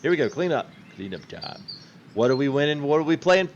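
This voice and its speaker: A man's voice: fairly high pitch, big pitch swings, brisk, muffled recording, slight background noise. A man hosting a game livestream, chatting casually, laughing often and quoting his viewers. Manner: laughing, chatty, quotes chat. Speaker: livestream host.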